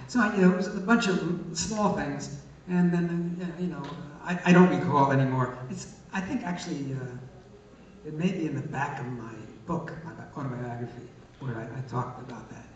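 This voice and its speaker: A man's voice: on the high side, normal speed. An older man answering questions at a live Q&A, a wry, teasing storyteller who often hesitates. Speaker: guest answering audience questions. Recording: echoey hall, far from the mic, dull sound.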